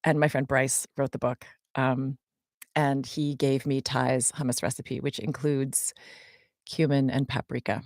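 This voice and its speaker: A woman's voice: low voice, no echo, studio quality. A woman in her forties, co-hosting a podcast and answering fan questions in a chatty way, with many ums and small laughs. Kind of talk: casual podcast chat.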